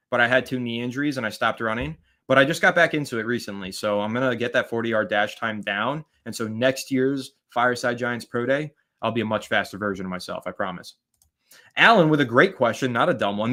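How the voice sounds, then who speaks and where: A man hosting a live fan stream, chatting casually, rambling and shouting out viewers by name as he reads their comments. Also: mid-range voice.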